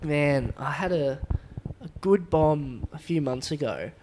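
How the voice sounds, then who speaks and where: A young man with a slightly raised voice tells stories as a podcast guest. He talks in an animated, loose way, laughing often and stringing thoughts together with plenty of fillers. It is relaxed, conversational comedian chat. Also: a little high, takes it slowly, crowd noise. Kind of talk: casual podcast storytelling.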